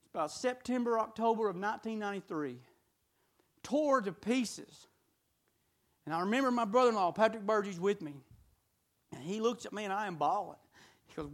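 Preacher guy, really high voice, goes from hollering to low talk, folksy questions. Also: lively intonation, normal speed, long pauses. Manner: swings from shouting to low intimate talk. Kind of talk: sermon.

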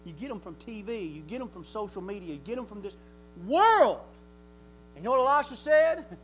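High-pitched preacher, folksy. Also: male voice, expressive, brisk, fairly bright tone. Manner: folksy, rhetorical questions, chuckles often. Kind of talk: sermon.

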